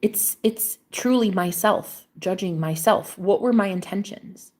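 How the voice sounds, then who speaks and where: A woman's voice: medium pitch, measured pace, a little mellow. A young adult woman hosting a livestream, talking casually and bluntly, swearing freely and getting emotional. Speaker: livestream host.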